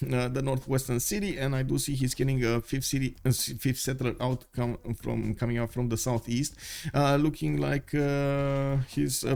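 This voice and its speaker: A man's voice: medium pitch, gravelly. A man giving live commentary on a strategy video game, talking through it with many fillers and sudden bursts of surprise. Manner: many fillers, thinking aloud, bursts of excitement. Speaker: esports caster.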